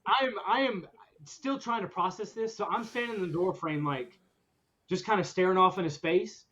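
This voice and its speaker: A man hosting a podcast, telling a story in a casual chat, animated and often laughing as he goes. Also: high voice, moderate pace. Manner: animated, laughs through his own story. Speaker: podcast host. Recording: dull lo-fi recording.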